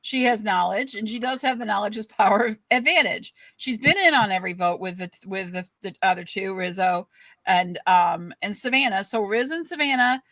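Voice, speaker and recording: A woman's voice: medium pitch, moderate pace, sharp tone, no echo. A woman co-hosting a casual show, spelling out her opinions step by step. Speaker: co-host. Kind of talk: casual podcast chat.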